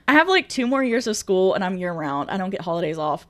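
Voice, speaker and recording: A woman's voice: medium pitch, a bit bright. A woman streamer chatting casually with viewers, bubbly, laughing often and swearing freely. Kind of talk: casual chat reading viewer messages.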